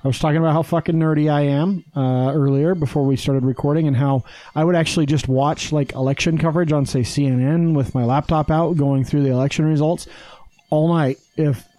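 A man's voice: on the high side, steady tone, brisk, dark tone. Rambling, swearing man host. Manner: swears freely, rambling with fillers. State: hyped on energy drinks. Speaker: podcast host. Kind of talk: casual chat.

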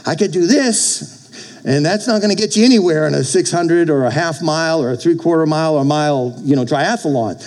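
On a poor recording, a middle-aged male pastor preaches a sermon, exhorting his congregation and frequently calling out for amen. His voice sits a little high and runs a little fast, with a slightly mellow quality.

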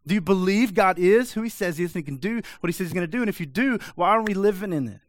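A man delivering a sermon in a fairly high voice, pushing hard with question after question. His manner is direct and urgent, and the recording is dry and close, with no room sound. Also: animated, rapid-fire, no room sound. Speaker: pastor.

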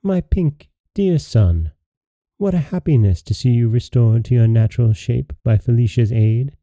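A man voicing a gracious, motherly fairy queen in a storybook reading, soft and stately, on a dry, dull lo-fi recording. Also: medium pitch, animated, normal speed, dry recording, natural voice.

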